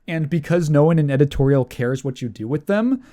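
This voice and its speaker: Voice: medium pitch, lively intonation, fairly quick, dark tone. Podcast co-host, rambling movie chat, self-correcting, laughs often. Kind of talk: casual movie review chat.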